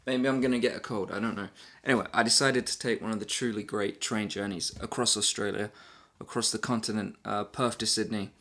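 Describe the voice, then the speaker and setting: Fairly low-pitched and sharp, this travel vlogger speaks fairly quickly in a steady tone. Talking casually to camera, he rambles through a travel story, pokes fun at himself and uses lots of fillers.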